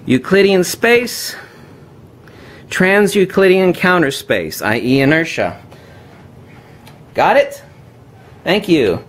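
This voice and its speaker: A man talking viewers through a magnet demonstration, emphatic and unscripted, calling them kiddies. His pitch swings widely from phrase to phrase. His voice sits a little high for a man. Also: expressive, slow, long pauses, a bit bright.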